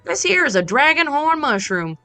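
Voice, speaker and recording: A woman's voice: high voice, sing-song, moderate pace, sharp tone, soft background music, voice pushed up, full character voice. A woman voicing a friendly middle-aged male shopkeeper in a game, with an accent that drifts in and out. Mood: cheerful. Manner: reads game dialogue aloud with a wavering put-on accent.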